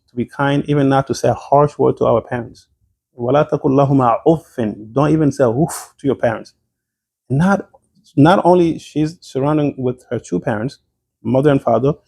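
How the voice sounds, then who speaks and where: A sheikh delivering a sermon, a man with a mellow, warm voice at a middling pitch. He retells the story earnestly, throws out emphatic questions and often restarts his sentences. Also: breathy edge.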